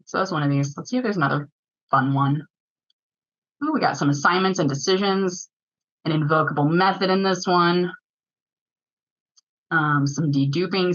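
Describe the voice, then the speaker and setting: A woman's voice: fairly low pitch, fairly bright tone, lo-fi sound. A woman co-leading a user group, giving an upbeat, chatty webinar presentation on a video call. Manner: chatty, quick-talking, upbeat explainer.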